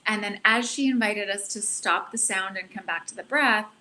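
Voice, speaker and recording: Guest, woman, middle-aged, earnest and animated, bright tone, faint noise behind. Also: medium pitch, moderate pace, low-quality recording. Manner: earnest, animated, self-reflective. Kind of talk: casual storytelling.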